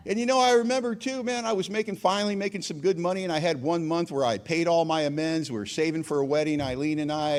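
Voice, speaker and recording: A middle-aged American man telling his recovery story at a meeting, earnest and self-deprecating, with acted quotes. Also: on the high side. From United States.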